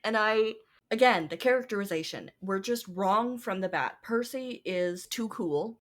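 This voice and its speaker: Woman podcast guest, wry and exasperated, casual chat, medium-pitched voice. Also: unhurried.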